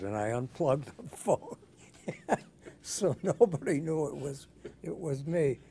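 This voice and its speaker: An older man being interviewed for an oral history, speaking in a measured, thoughtful way with frequent restarts. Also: mid-range voice, animated, dark tone, slight background noise.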